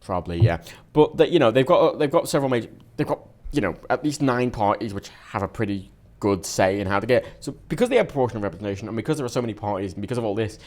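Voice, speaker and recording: A man's voice: on the low side, expressive, very fast, hardly any pauses, darkish tone. A man on a casual podcast rambling through an explanation, restarting his sentences often. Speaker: podcast co-host.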